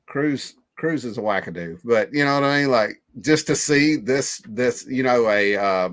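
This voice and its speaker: A man co-hosting a podcast, talking about movie trailers with enthusiastic, rambling fan excitement. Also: medium pitch, normal speed. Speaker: podcast co-host.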